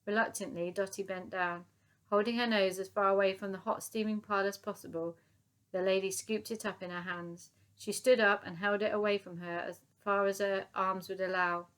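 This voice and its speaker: A woman narrating a children's novel as an audiobook, telling it in a lively, expressive way. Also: medium pitch, normal speed, clean tone.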